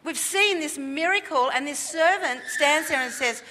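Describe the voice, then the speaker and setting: Bright-voiced woman preaching emphatically. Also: high voice, moderate pace, big-room sound, slight background noise. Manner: emphatic and repetitive, with rhetorical questions. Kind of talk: sermon. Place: church service.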